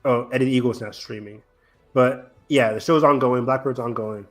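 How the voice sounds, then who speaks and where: Rambling, enthusiastic podcast co-host. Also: male voice, mid-range voice, fairly even intonation, moderate pace, faint music behind. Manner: rambling, enthusiastic, loose with fillers. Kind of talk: casual chat.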